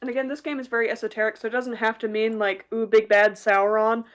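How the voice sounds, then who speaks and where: A woman's voice: on the high side, level tone, fast. A woman at a tabletop game night, explaining the rules in a reassuring, matter-of-fact way. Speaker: player. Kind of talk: casual tabletop game chat.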